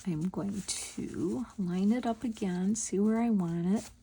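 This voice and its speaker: A woman's voice: medium pitch, takes it slowly, vocal fry, dark tone, a little hiss or hum. A woman hosting a crafting video, chatting casually and telling stories while she works. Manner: chatty, storytelling, thinks aloud while working. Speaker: crafting channel host.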